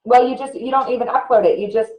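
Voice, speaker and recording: A woman's voice: on the high side, steady tone, quick pace, a little mellow, reverberant, poor audio. A woman who is a guest on a casual live video chat, earnestly explaining practical tips step by step.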